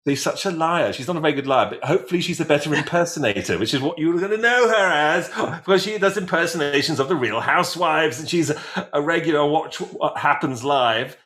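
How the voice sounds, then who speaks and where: A man's voice: fairly high pitch, fairly quick. A man hosting a casual chat, teasing his co-host and introducing a guest. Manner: teasing, animated. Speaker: podcast host.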